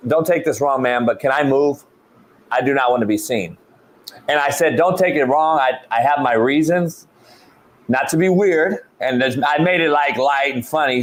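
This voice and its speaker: A middle-aged man hosting a sports talk show, telling a story in a casual, animated way, swearing often and stumbling over repeated words. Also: medium pitch. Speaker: show host, football coach.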